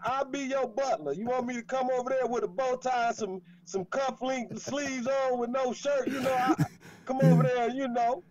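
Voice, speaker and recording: A man's voice: extremely high pitch, moderate pace, highs cut off, a crowd in the background. A man co-hosting a radio show, flirting and teasing in playful banter with stammering repeats.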